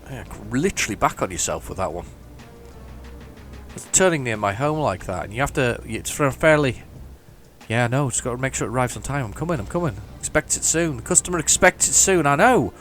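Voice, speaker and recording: A man's voice: mid-range voice, animated, brisk, fairly bright tone, faint music behind. A man giving chatty, mock-heroic commentary while playing a driving game. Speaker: gaming channel host. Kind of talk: casual gameplay commentary.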